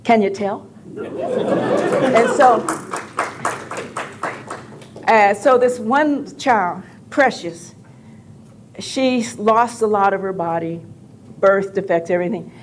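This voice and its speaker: An older woman on a live convention panel, telling animated, joking stories with some profanity. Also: mid-range voice, takes it slowly, long pauses, a faint crowd, slight background noise. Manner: animated, jokey, profane anecdotes.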